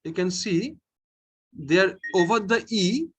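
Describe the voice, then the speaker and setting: A man teaching a French lesson online, slowly and patiently, repeating each sound and often checking in with "okay". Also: sits high, lively intonation, a bit bright, breathy edge.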